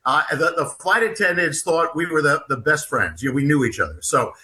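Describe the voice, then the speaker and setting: A man speaks as a guest author, his voice strikingly bright and sitting a little high. He tells his story in an earnest, halting way, often stopping to restart a thought. He lays out the exchange step by step as he goes. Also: animated, low-quality recording. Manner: earnest, halting, retells dialogue. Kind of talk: storytelling in conversation.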